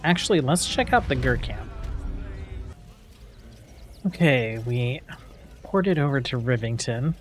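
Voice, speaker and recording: A man hosting a casual let's-play, musing aloud as he plays, with a relaxed tone. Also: mid-range voice, takes it slowly, pauses often, soft background music. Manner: relaxed, musing, with many fillers. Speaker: gameplay host.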